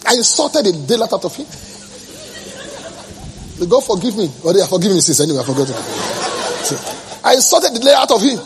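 A male pastor preaching a passionate sermon, swinging between quiet remarks and sudden shouts. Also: high-pitched, sing-song, brisk, long pauses, some chatter behind, low-quality recording.

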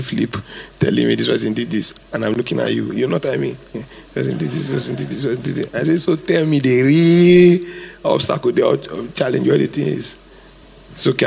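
A man's voice: mid-range voice, gravelly, slightly rough. A male pastor preaching a sermon, emphatic and repetitive, drawing answers from the congregation, recorded live in a hall. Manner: emphatic, repeats phrases, asks the congregation to fill in words.

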